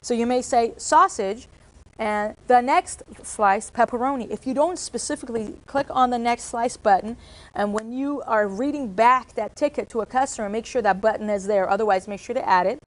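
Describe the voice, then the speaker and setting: A woman with a voice on the high side trains restaurant staff at a moderate pace. She explains procedures with fillers and self-corrections along the way.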